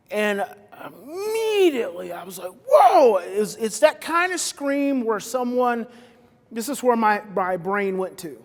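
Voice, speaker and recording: High-voiced man telling a story in a hall. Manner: dramatic storytelling, swings from loud outbursts to hushed whispers. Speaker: seminar speaker. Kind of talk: live seminar storytelling. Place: seminar hall. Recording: long reverb of a large hall.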